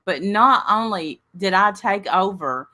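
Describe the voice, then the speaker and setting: A woman host with a bright, forceful voice, chatting casually. She tells stories with animation and throws herself into loud impressions of what others said. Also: medium pitch, unhurried. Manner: animated, acts out quoted voices loudly. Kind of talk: casual chat, storytelling.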